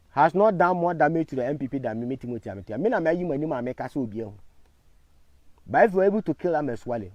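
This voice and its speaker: On a live stream, a Ghanaian-accented commentator speaks defiantly, alternating forceful declarations with soft words of gratitude to viewers. The recording is dry.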